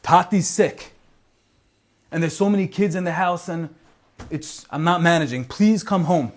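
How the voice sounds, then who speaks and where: A man's voice: fairly high pitch, unhurried, natural voice. A man reading as a desperate mother pleading. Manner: pleading, letter-reading delivery. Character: desperate widowed mother writing to her son.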